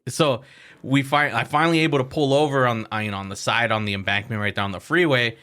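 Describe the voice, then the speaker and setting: Bright-voiced man telling wild stories. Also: medium pitch, fairly even intonation, quick pace. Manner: profane, laughing, acts out voices in his stories. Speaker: podcast guest. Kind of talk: casual storytelling chat.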